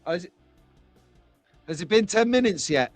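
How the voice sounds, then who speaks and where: A man's voice: sits high, lively intonation, measured pace, no room sound, soft background music. Chatty man hosting a live stream. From England. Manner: chatty, jokey, reads out chat comments. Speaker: host of a live slot car stream. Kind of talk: casual live-stream chat. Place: home.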